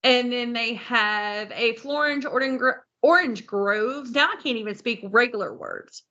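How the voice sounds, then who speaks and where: A woman's voice: on the high side, unhurried, sharp tone, muffled recording. A woman co-hosting a podcast in casual chat, reading out a menu and tripping over foreign names, laughing at herself. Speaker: podcast co-host.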